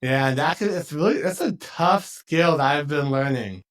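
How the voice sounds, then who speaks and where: A man hosting a podcast, talking in a relaxed, chatty way and laughing often. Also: a little high, unhurried. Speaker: podcast host. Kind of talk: casual conversation.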